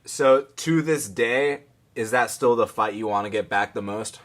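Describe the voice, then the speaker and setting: A man hosting a podcast, asking questions in a relaxed, conversational way. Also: fairly low pitch, measured pace. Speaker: podcast host. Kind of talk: casual interview.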